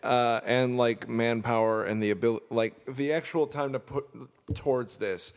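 Male podcast co-host, casual and giggly, mid pitch, reverberant recording. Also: fairly even intonation, unhurried, clear, resonant tone. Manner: laughs often, trails off with fillers. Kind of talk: casual chat.

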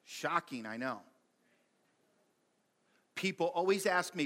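Male pastor, mid-pitched, conversational sermon delivery with animated asides. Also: normal speed.

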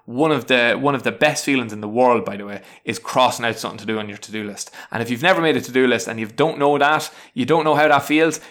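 A man of ordinary middle pitch talks through his everyday habits in a loose, chatty monologue. He stumbles, repeats himself and circles back often, and stays frank and self-deprecating throughout. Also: quick pace, hardly any pauses, a bit bright. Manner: rambling, many restarts and fillers. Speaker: teacher sharing self-help tips. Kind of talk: casual spoken advice monologue.

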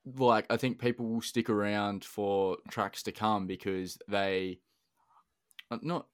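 A man's voice: lowish voice, steady tone, takes it slowly, dry recording, clean studio sound. A man hosting a podcast, laid-back and teasing, swearing casually. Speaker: podcast host.

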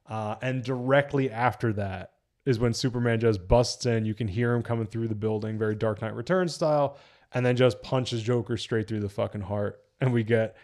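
Animated swearing man reviewing. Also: medium pitch. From New Jersey. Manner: animated, swearing, quick laughs. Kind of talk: casual live review chat.

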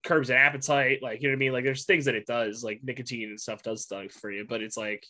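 A man's voice: mid-range voice, fairly even intonation, fast talker, sharp tone. A young man rambling through casual chat, swearing freely and laughing often. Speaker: guest.

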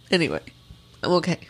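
A woman's voice: fairly low pitch, bright, forceful tone, slightly rough, no echo. A woman co-hosting a podcast in casual chat, talking openly and emotionally with frequent laughs, recorded in a studio booth. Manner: open, emotional, laughs often. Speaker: podcast co-host.

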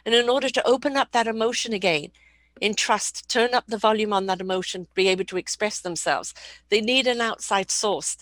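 A woman's voice: medium pitch, brisk, fairly bright tone, no room sound. A woman host speaking earnestly in a conversation, repeating phrases to stress her point. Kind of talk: casual interview talk.

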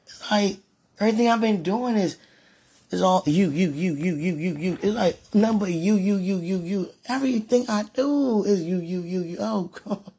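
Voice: mid-range voice, normal speed, warm tone, slightly rough. A speaker in a fervent devotional monologue, sighing and laughing often and repeating words.

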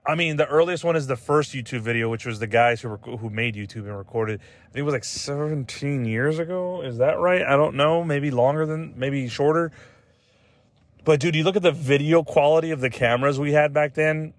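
A man's voice: fairly high pitch, a little fast, no echo. Rambling, profane male podcast host. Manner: loose and profane, heavy on "like" and "dude", trailing restarts; laughs at his own jokes. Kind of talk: casual rambling chat.

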